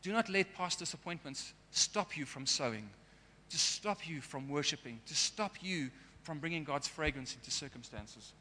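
A man's voice: on the high side, expressive, normal speed, hardly any pauses, bright, forceful tone, a little hiss or hum. A man preaching a sermon in an earnest way, sometimes getting emotional. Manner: earnest, gets emotional at times. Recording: long hall reverb.

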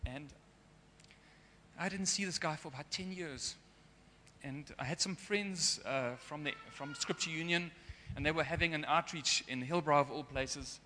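With a bright, forceful tone on the high side, a man delivers a sermon at normal speed, earnest and occasionally emotional. A long hall reverb fills the recording, along with a little hiss or hum.

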